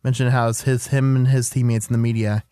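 A man's voice: medium pitch, little pitch movement, a little fast, warm tone, clean tone, no room sound. Young male co-host, playful casual chatter, mid-range voice, dry studio mic. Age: young adult. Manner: playful, reads out news items. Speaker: podcast co-host. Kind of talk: casual chat.

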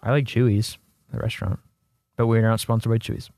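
A young man co-hosting a podcast, chatting casually with quick joking banter. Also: fairly low pitch, flat delivery, gravelly, dark tone, dry recording, clean studio sound. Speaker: podcast co-host. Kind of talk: casual chat.

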